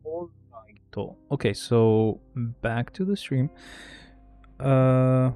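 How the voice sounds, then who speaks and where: A man's voice: on the low side, fairly even intonation, normal speed, darkish tone, clean tone, faint music behind. A man streaming a game, chatting casually and apologetically with many hesitant fillers. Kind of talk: casual live-stream chat.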